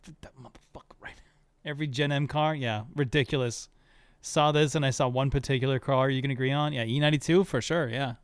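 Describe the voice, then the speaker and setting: A young man streaming a game, chatting casually, excitable and swearing a lot as he rambles. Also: medium pitch, quick pace, clean tone, dry recording. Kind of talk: casual gaming stream chat.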